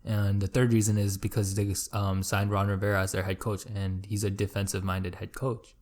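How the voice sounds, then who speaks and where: Young man, low voice, casual sports podcast co-host, teasing, swears. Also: flat delivery, a little mellow. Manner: joking, swears freely, quick to tease.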